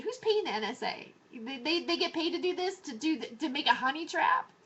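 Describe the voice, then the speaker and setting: A woman hosting a talk radio show, chatting and reading news aloud in a halting way, with many fillers and restarts. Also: sits high, lively intonation, fairly bright tone. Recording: muffled internet radio audio with faint hiss.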